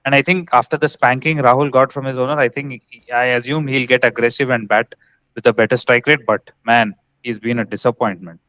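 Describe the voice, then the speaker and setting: Smooth-voiced man giving blunt cricket opinions. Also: medium pitch, steady tone, a little fast, fairly bright tone, no room sound, low-quality recording. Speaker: cricket podcast co-host. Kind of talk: casual cricket chat.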